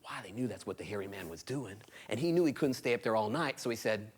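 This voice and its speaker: Animated male storyteller telling a folktale live. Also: fairly low pitch, fast, hardly any pauses, husky. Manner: animated, shifting between character voices. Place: small concert venue stage.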